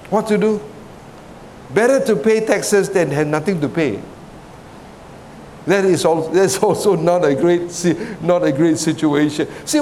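Chatty Singaporean preacher with a higher voice. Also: male voice, darkish tone, slight background noise. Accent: Singaporean English. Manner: conversational, often asks "right?", laughs between points. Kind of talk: sermon.

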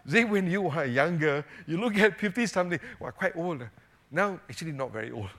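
A male pastor delivering a sermon in a fairly high, very lively voice that leaps up for emphasis and drops low for asides. He keeps the congregation with him through constant tag questions and casual fillers. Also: quick pace. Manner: animated, swings between emphatic highs and quiet low asides; frequent "you know" and "right?" tag questions.

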